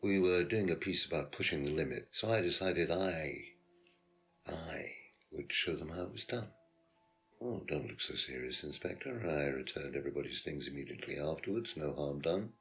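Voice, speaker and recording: A man's voice: a bass voice, animated, normal speed, fairly bright tone, faint music behind, exaggerated voice. An actor playing a smug, condescending male lecturer who is questioned as a suspect in a detective video game, pompous and dismissive. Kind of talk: FMV game acting.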